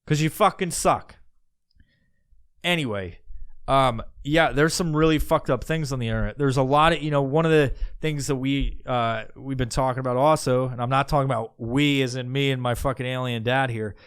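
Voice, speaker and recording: This podcast host delivers a crude, mocking monologue packed with swearing. His mid-range voice has a clear, resonant tone at a normal speed.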